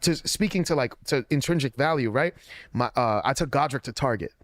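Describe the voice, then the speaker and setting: A man's voice: medium pitch, animated, brisk, no echo. A man in his thirties co-hosting a podcast, telling long, rambling stories in casual chat. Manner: long-winded, rambling storyteller. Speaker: podcast co-host.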